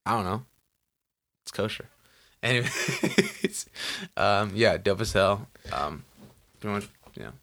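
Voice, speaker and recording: Podcast co-host, man, low gravelly voice, loose rambling chat. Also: unhurried, pauses often, a bit bright. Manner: rambling, lots of "like" and "you know". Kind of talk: casual chat. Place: Los Angeles.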